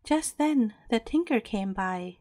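Gentle woman reading a bedtime story. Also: a little high, animated, slow pace, dry recording, clean studio sound.

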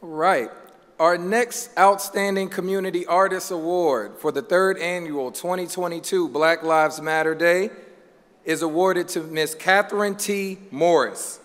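A man's voice: high-pitched, unhurried, a bit bright. A man reading formal award introductions at a ceremony, building each one up to applause. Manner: reads prepared biographies, building to applause. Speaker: award presenter. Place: large hall. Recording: hall with long reverb.

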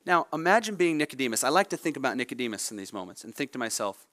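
A male pastor preaching a sermon, expressive, voicing the people in the story as he goes. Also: fairly high pitch, fast. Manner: expressive preaching with dramatic voiced quotes.

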